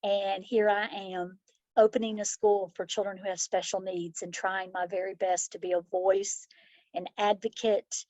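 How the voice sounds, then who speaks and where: A woman's voice: mid-range voice, level tone, measured pace, a little mellow, no echo. Heartfelt middle-aged woman principal, dry sound. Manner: heartfelt, reflective, acts out children's voices in stories. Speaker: school principal. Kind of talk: interview answers, personal storytelling.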